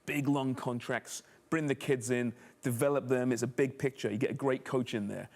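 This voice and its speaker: A man's voice: mid-range voice, fairly even intonation, normal speed, a little mellow. A man hosting a sports talk show, leading the panel with conversational questions. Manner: conversational, steers the discussion with questions. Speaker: host.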